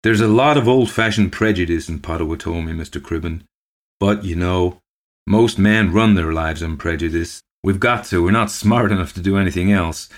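A man acts out a friendly old townsman warning a younger man in earnest. The voice is low but lifted a little, warm in intent yet grave. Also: normal speed, close to an everyday voice. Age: older.

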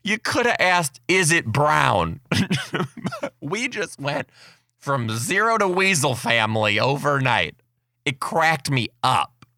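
A man hosting his podcast and telling classroom stories as a kindergarten teacher, chatty and excitable, laughing often. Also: a little high, slow, no room sound, clean studio sound. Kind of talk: casual storytelling monologue.

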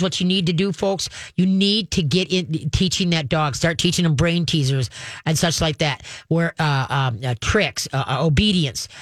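A woman hosting a call-in pet radio show, telling stories and giving dog training advice in an animated, chatty way. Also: deep voice, dry recording. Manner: animated, chatty storytelling with acted-out voices.

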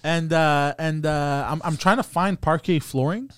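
Halting man with fillers. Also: on the high side, clean tone, no room sound, clean studio sound. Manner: halting, lots of uhs and restarts. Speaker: podcast co-host. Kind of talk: casual chat.

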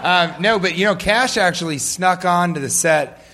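A man's voice: sits high, normal speed, background noise. A man answering audience questions in a loose, joking way, often laughing as he tells stories. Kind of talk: live audience Q&A storytelling.

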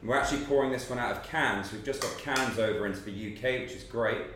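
A man's voice: mid-range voice, quick pace. A man talking about beer as a brand guest on a podcast, explaining in detail with many fillers, recorded in a pub. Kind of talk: casual podcast chat. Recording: roomy pub with faint background noise.

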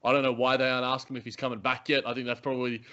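A man talks quickly as a podcast co-host, rambling through his points and stumbling over repeated words with a joking streak. His audio sounds a little dull and lo-fi. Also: medium pitch, flat delivery, bright, forceful tone. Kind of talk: casual sports podcast chat.

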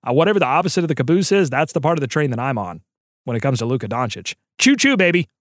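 Man, sports podcast co-host, casual joking chat, mid pitch, dry close sound. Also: very fast, no echo. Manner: animated, joking, rambling.

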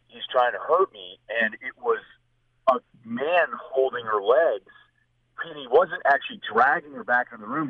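A man's voice: medium pitch, dry recording. A man, a guest on the show, telling a long rambling anecdote in a casual way and acting out what people said. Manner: rambling anecdote with acted quotes. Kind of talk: casual storytelling. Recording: tinny phone-line sound.

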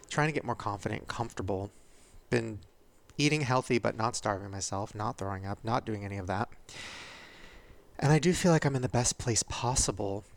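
In a medium-pitched voice with no room sound, a thirtysomething podcast host delivers a candid, confessional monologue. He is vulnerable throughout, moving between tears and laughter.

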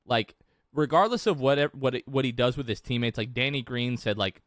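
A man's voice: mid-range voice, normal speed, fairly bright tone, dry recording. A man co-hosting a sports podcast, talking casually and rambling with frequent restarts. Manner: rambling, chatty, many restarts. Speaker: podcast co-host. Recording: dry close-mic sound.

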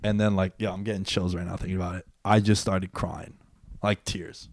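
A young man hosting a casual podcast, telling sports stories with excitement and plenty of swearing. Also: low voice, fairly quick. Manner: excitable storyteller, swears freely. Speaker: podcast host. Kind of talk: casual chat.

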